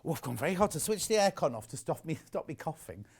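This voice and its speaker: A man's voice: a little high, big pitch swings, fast, vocal fry, a little mellow, husky. A middle-aged man from the UK presenting fabric bundles on a live shopping channel, chatting in a rambling way full of jokey asides. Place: warm studio with the shutter doors open.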